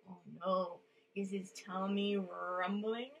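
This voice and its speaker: A woman's voice: a little high, sing-song, slow pace, fairly bright tone, slight background noise, poor audio. A woman reading a children's story aloud, playful and coaxing a young listener to join in with sounds.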